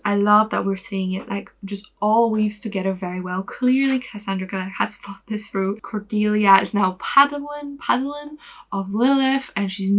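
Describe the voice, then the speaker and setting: Rambling woman recapping a book. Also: mid-range voice. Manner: animated, rambling, many fillers, swears. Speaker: book vlogger. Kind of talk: casual spoiler book recap.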